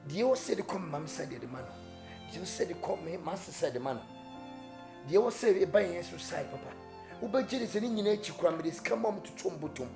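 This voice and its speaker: A man's voice: high voice, expressive, fast, vocal fry. An actor with a Ghanaian accent playing a worried married man pressured by his mother, talking earnestly over a music bed. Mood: troubled. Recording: music bed under dialogue.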